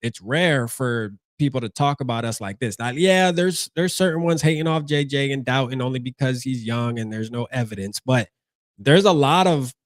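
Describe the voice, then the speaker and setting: A man hosting a casual sports talk livestream, mid-pitched and full of slang. He builds to loud bursts of enthusiasm and rallying calls. The recording is dry and close, with no room sound. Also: lively intonation, normal speed, no echo. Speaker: livestream host.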